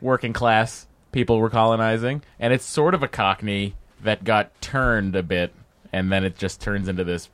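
A man's voice: fairly low pitch, moderate pace, clear, resonant tone, dry recording. A man co-hosting a podcast, chatting casually in a joking way with swearing. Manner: joking, swearing, lively with impressions. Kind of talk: casual chat.

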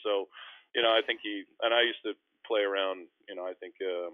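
A deep-voiced man from Canada, a former teammate, tells stories quickly in an easygoing, halting way. His voice comes through a tinny phone line. The room sound is dry and close. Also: fairly even intonation, dry recording. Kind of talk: casual anecdotal storytelling.

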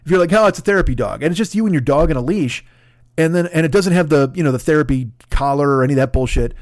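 A man's voice: a little high, fast talker, no echo, clean studio sound. A middle-aged man hosting a podcast, telling profane, ranting stories in a solo comedic monologue. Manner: profane, ranting, animated storytelling. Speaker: podcast host.

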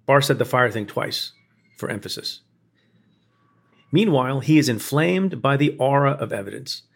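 Gravelly-voiced man reading pointed commentary. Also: mid-range voice, expressive, normal speed. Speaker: former prosecutor narrating commentary. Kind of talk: reading a scripted opinion essay.

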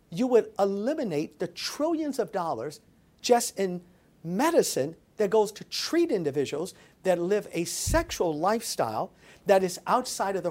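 A woman's voice: mid-range voice, a little mellow. A woman speaking as an interview guest, with an emphatic, preacher-like delivery. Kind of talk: animated interview talk.

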